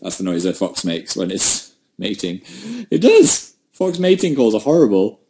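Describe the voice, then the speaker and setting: A man's voice: on the low side, sing-song, normal speed, vocal fry, warm tone, a little hiss or hum. A man chatting casually on a livestream from home, rambling and self-deprecating as he answers viewer comments through a webcam mic. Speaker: livestream host.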